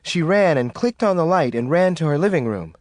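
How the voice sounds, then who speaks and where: A man narrating an audiobook with expressive scripted reading. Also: a little high, a little fast, no echo, clean studio sound.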